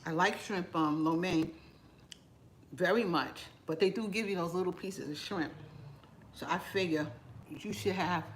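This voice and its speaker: A woman chats casually to her live viewers between bites of food, greeting them by name. Her voice sits a little low for a woman, and she laughs often in a relaxed, easygoing way. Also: a little slow, long pauses, slight background noise. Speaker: home cooking channel host. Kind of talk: casual live chat while eating.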